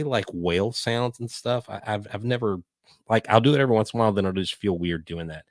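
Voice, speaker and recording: An older man hosting a live podcast, talking in a hyper, rambling way. His voice sits a little low, and the sound is dry and close. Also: fast, no room sound. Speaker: podcast host. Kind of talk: live-stream casual chat.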